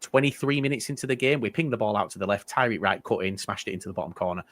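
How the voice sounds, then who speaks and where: A man's voice: lowish voice, rapid-fire. A man co-hosting a casual football podcast, telling rambling stories with lots of restarts. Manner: rambling, restarts often, animated storytelling. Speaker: podcast co-host.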